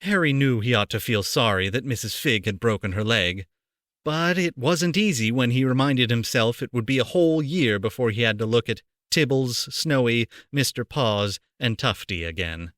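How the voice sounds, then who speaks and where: A man reading a storybook aloud for children, playful and animated, on a close home mic. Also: medium pitch, moderate pace, no echo. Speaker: amateur voice actor reading aloud.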